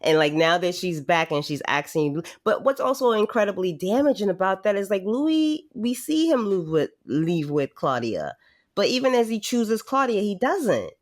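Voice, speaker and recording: Animated, swearing podcast co-host. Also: medium pitch, normal speed. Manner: swears freely, excited, animated. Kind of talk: casual chat.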